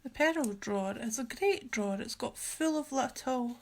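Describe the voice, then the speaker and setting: A woman's voice: high voice, animated, normal speed, darkish tone. A woman hosting a casual crafting livestream from her craft room, chatty and gushing, often giggling.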